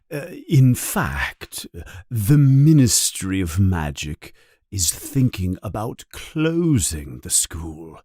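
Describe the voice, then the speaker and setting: A man voicing a frail elderly male headmaster wizard who speaks weakly and hesitantly, with halting fillers. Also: mid-range voice, dry recording, studio quality, heavily acted. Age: older. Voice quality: weak, quiet, breathy at times.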